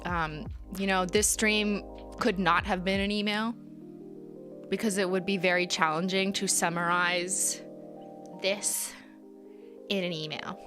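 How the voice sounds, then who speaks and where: A woman's voice: lowish voice, steady tone, measured pace, long pauses, over music. A woman hosting a casual livestream, reading out chat messages with playful, giggly, mock-corporate banter.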